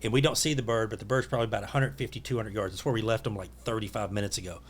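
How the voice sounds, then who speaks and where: A man, a podcast guest telling a hunting story in a lively, acted-out way. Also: on the low side, rapid-fire. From Tennessee. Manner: lively storyteller who acts out his own quotes.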